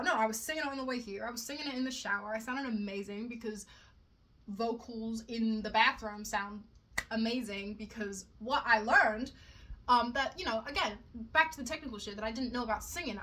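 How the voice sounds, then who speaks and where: A woman's voice: fairly high pitch, lively intonation, a little fast, fairly bright tone, slight background noise. A young woman vlogging in a casual, rambling way, swearing often and poking fun at herself. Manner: chatty, swears a lot, self-mocking asides.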